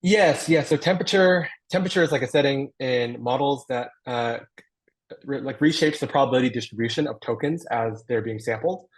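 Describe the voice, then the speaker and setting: A man's voice: mid-range voice, brisk, husky, low-quality recording. A man giving a technical talk, answering audience questions on a video call, hesitant and thinking aloud with fillers. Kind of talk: online Q&A after a technical talk.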